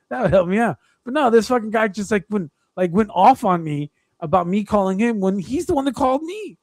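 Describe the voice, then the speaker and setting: Podcast guy, kinda high voice, cusses a ton, animated storytelling, dry sound. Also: brisk, no room sound. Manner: profane, animated storytelling, acts out calls. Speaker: podcast co-host. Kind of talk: casual chat.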